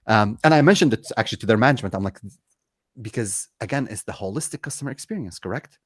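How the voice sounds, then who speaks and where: Low-voiced man telling an animated story. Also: quick pace, no room sound, studio quality. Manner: animated, acts out both sides of anecdotes. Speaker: guest, company CEO. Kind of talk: casual storytelling in an interview.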